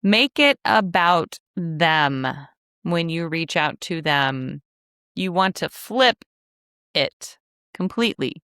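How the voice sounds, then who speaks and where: A woman's voice: lowish voice, animated, slow pace, bright, forceful tone, clean tone, dry recording, clean studio sound. A woman hosting a casual teaching podcast for travel advisors, talking in a chatty, frank way with joking asides. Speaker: podcast host, travel agency coach.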